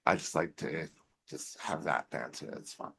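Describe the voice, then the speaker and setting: A man's voice: rumbling low, moderate pace, creaky, sharp tone. An American man, a guest on a chat show, talking laid-back and sweary over a video call. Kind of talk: casual chat.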